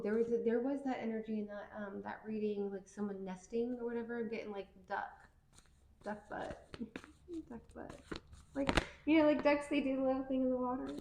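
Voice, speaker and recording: A woman giving a casual tarot reading, rambling and chatty, full of fillers and quick to laugh. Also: a little high, dark tone, echoey room, a little hiss or hum, poor audio. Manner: playful, laughs easily. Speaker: tarot card reader.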